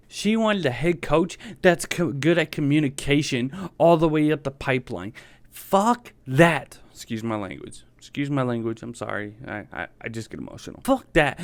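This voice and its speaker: A man's voice: on the high side, a bit bright, dry recording. A man hosting a sports fan podcast, ranting in a heated, frustrated way and repeating his points. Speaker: podcast host.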